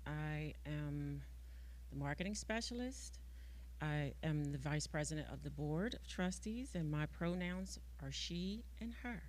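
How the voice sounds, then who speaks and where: A woman giving the announcements at a church service. She sounds friendly and brisk. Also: deep voice, darkish tone. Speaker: board vice president giving announcements.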